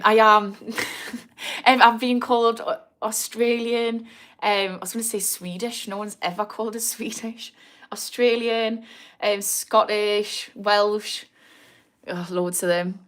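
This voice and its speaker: A woman's voice: mid-range voice, a bit bright. A blunt woman in her thirties with a Geordie accent, hosting a live recovery Q&A and answering viewer comments, swearing freely. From Newcastle, England. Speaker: addiction recovery livestream host. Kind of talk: live Q&A chat.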